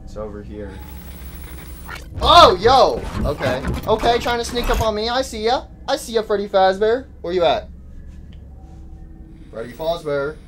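A man giving casual gameplay commentary to his chat, excitable and joking in slang, yelping and shouting when startled. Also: high voice, normal speed, background noise. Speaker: gaming YouTuber.

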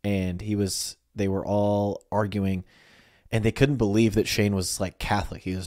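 A man's voice: lowish voice, fairly quick, no echo, studio quality. A man co-hosting a podcast in casual chat, telling stories and joking around. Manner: joking, animated storytelling. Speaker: podcast co-host.

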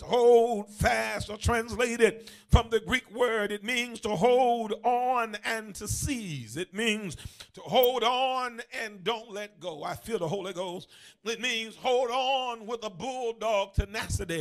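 Gravelly, high-pitched preaching man. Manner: rising into shouted, sung cadences with repeated phrases. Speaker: bishop preaching. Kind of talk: sermon.

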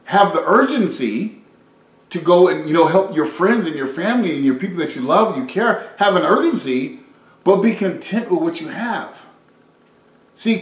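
A man preaching an informal sermon, reading scripture and retelling conversations in a lively, conversational way. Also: a little high, echoey room, low-quality recording.

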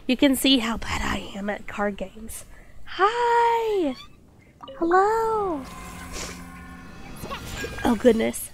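A woman's voice: fairly high pitch, slight background noise. A woman game streamer chatting casually and reading chat aloud, still getting over a cold with a slight cough and stuffy nose.

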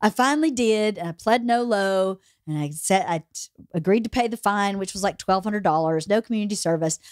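A woman's voice: medium pitch, fairly quick, a little mellow, no echo, studio quality. A woman hosting a podcast, telling a personal story in a candid, chatty way. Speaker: podcast host. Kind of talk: casual anecdote telling.

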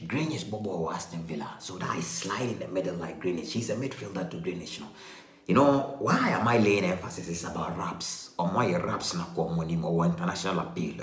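Deep-voiced man, excited lyric explainer, echoey room with music. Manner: excited, repeats and explains lyrics, mixes in local words. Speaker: reaction video host. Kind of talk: casual lyric breakdown over music.

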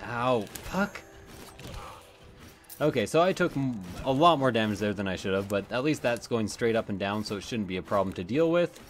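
A man's voice: on the low side, lively intonation, fairly quick, few pauses. A man giving casual, rambling commentary while playing a video game, swearing often and drifting into asides. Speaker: let's play gamer.

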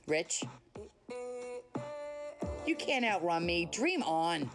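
Lady chatting on her phone live at home late at night, kinda low voice, teasing, music playing behind. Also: sing-song, slow pace, long pauses. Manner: chatty, teasing, answers chat comments. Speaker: livestream host. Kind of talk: casual live chat with viewers. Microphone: phone livestream.

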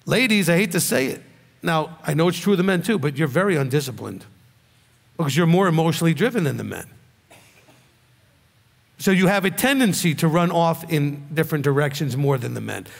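A male rabbi gives a blunt, scolding sermon and keeps firing off rhetorical questions. His voice sits high. Each phrase rings out with a long hall reverb. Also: animated, brisk, creaky, pauses often.

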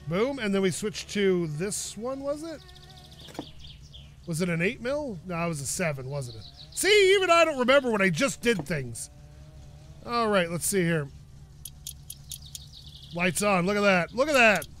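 A man's voice: sits high, fairly bright tone, a little hiss or hum. A young man casually narrating his own gameplay, talking to himself and swearing when frustrated. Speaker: gaming YouTuber. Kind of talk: casual let's-play commentary.

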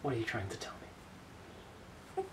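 A woman's voice: moderate pace, slight background noise. A woman at home cooing sing-song baby talk and giggling while she chats to the person filming. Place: family home.

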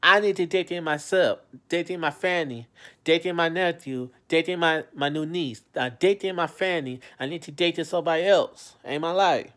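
A man's voice: a little high, moderate pace, fairly bright tone. A man from Charlotte, talking to his viewers in an emotional vlog, pleading and repeating himself. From Charlotte, North Carolina. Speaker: vlogger. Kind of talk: emotional direct-to-camera vlog. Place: his home city.

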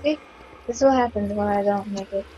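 A woman giving casual gameplay commentary as host of her channel, excitable, humming and chanting to herself while she plays. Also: mid-range voice, brisk, highs cut off, slight background noise.

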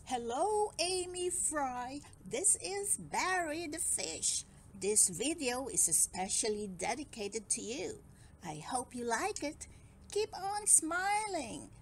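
A woman reading a children's picture book aloud in an expressive, sing-song storytelling manner. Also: high-pitched, slow pace, slight background noise.

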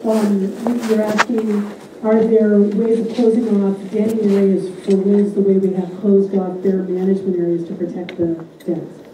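A woman's voice: medium pitch, little pitch movement, normal speed, mellow. Distant woman in a very echoey hall. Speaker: moderator relaying audience questions. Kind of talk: public meeting moderation. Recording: very echoey hall, distant mic, faint noise.

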